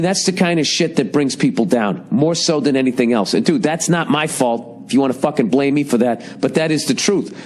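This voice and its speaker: A man, ranting sarcastically and profanely in a casual podcast monologue, his voice a little strained and cracking. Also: fairly high pitch. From United States. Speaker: podcast host.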